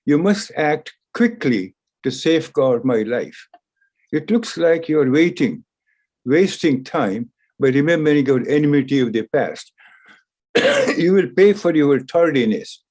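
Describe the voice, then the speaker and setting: A man's voice: on the high side, big pitch swings, unhurried, darkish tone. A man voicing a trapped male cat who pleads urgently with a mouse in a spoken story. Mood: impatient. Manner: urgent, coaxing.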